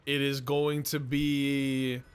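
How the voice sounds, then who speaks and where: A man's voice: medium pitch, little pitch movement, takes it slowly, clear, resonant tone. A male streamer chatting casually while reacting to a game, joking crudely and laughing often.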